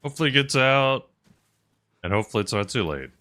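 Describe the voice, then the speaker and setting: A man streaming a game, chatting casually and rambling aloud, swinging between loud bursts and mumbled asides. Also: mid-range voice, animated, fast. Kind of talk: casual live-stream commentary while playing.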